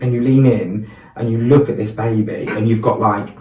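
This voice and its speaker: A man's voice: medium pitch, steady tone, moderate pace, a little mellow. A man co-hosting a podcast, chatting casually and telling jokey stories. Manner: chatty, joking storyteller. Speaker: podcast co-host and event host. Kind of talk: casual chat. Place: small podcast studio. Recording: roomy sound, mic at a distance.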